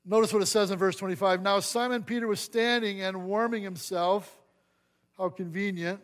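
A man's voice: high voice, fairly even intonation, normal speed. A man preaching a sermon as pastor, acting out the voices of the scripture scenes he reads. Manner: dramatic acting out of scripture dialogue.

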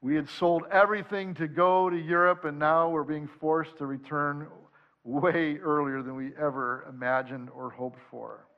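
A man preaching a sermon, first reading scripture in a measured way, then telling a personal story in a relaxed, conversational tone. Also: a little high, highs cut off. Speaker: pastor.

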